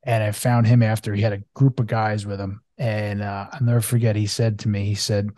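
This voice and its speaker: A man's voice: on the low side, steady tone, fairly quick, darkish tone, no room sound. A male podcast host telling a personal story in a casual, eager and emphatic way.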